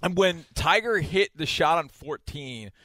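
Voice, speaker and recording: A man hosting a casual sports radio show, animated and excitable when telling stories. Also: fairly high pitch, unhurried.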